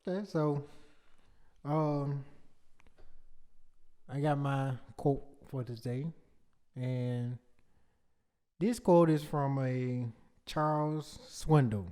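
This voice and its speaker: Slow-talking laid-back podcast man. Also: mid-range voice, fairly even intonation, warm tone. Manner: laid-back, laughs easily, reflective. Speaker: podcast co-host. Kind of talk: casual podcast chat.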